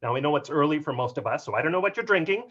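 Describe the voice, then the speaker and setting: Guy joking around giving a webinar talk, kinda high voice, muffled call audio. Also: very fast. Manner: animated, joking, punny. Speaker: keynote speaker on workplace humor. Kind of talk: upbeat webinar talk with jokes. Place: home office on a video call. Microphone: video call mic. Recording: dull lo-fi video call audio.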